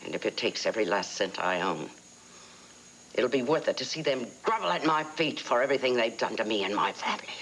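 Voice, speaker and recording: A woman's voice: rumbling low, animated, fairly quick, fairly bright tone, a little hiss or hum, exaggerated voice, poor audio. An actress playing a vindictive older woman in a soap opera, speaking with bitter resolve. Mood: bitter, vengeful. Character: vengeful older woman bent on ruining a rival family.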